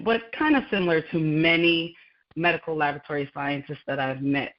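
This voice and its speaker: A woman's voice: deep voice, moderate pace. A woman guest on a radio interview, telling her story with animation, laughing often and acting out dialogue. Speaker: guest, laboratory scientist. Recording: muffled lo-fi sound.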